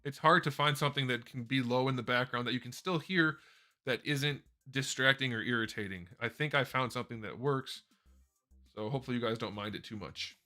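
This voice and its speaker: Answering viewers' questions on a laid-back live stream, this host speaks into a desk mic with a brisk, pushed, bright mid-range voice. His talk wanders and he keeps correcting himself, with soft music behind him.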